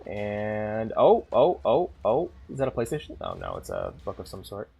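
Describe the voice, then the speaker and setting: A man streaming a game, rambling and swearing freely as he thinks out loud between moves. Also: fairly low pitch, wildly swooping pitch, normal speed, creaky, breathy edge, faint music behind. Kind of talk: casual gameplay commentary.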